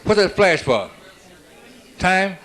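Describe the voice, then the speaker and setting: A man doing a stand-up comedy routine, rattling off one-liners built on quick "I said, she said" exchanges. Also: sits high, big pitch swings, a bit bright. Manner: rapid-fire joke telling with "I said, she said" setups.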